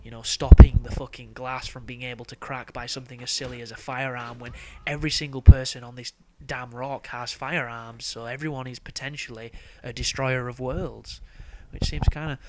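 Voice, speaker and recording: Brief: young male game commentator, loose, rambling, profane, chuckles between points, mid-pitched voice. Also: steady tone, moderate pace, noisy background. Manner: rambling, profane, laughs often. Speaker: gameplay commentator. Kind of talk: casual gameplay commentary.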